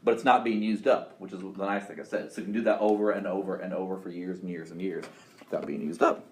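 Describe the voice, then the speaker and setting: A man's voice: deep voice, fairly even intonation, quick pace. Man lecturing in a roomy classroom. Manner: upbeat, quizzing students, many restarts. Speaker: college chemistry instructor. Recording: roomy classroom sound, faint noise.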